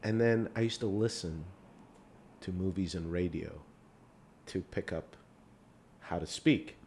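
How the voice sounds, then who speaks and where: A man's voice: low-pitched, unhurried, darkish tone, a little hiss or hum. A man from Iran whose first language is Farsi, co-hosting a podcast in an easygoing way and often restarting his sentences. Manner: easygoing, restarts and trails off while thinking. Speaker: podcast co-host, lawyer. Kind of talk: casual conversation.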